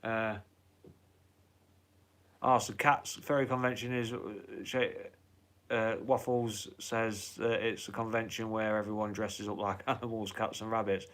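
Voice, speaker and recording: A man's voice: on the low side, little pitch movement, measured pace, fairly bright tone. A man hosting a casual live stream, chatting in a rambling way, swearing freely and reading out viewer comments.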